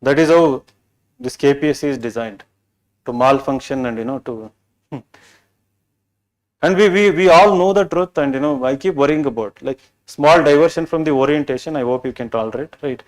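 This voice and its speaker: A male coaching teacher with an Indian English accent, speaking at a mid pitch in a chatty, rambling lecture style. He keeps checking in with the class with "right?" and "you know". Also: moderate pace, long pauses, poor audio. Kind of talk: orientation lecture.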